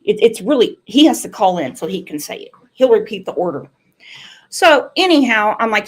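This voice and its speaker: A woman's voice: medium pitch, animated, moderate pace. A woman, a true crime commentator telling sarcastic, profane stories in casual chat. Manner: salty, sarcastic storytelling with swearing.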